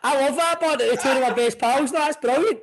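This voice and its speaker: High-voiced laughing Scottish host. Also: male voice, fast talker, a little hiss or hum. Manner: laughing, sweary banter. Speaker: podcast host. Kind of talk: casual podcast chat.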